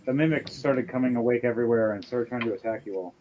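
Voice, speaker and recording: A man narrating as game master of a tabletop game, chatty and halting with fillers. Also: mid-range voice, lo-fi sound, noisy background. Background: music.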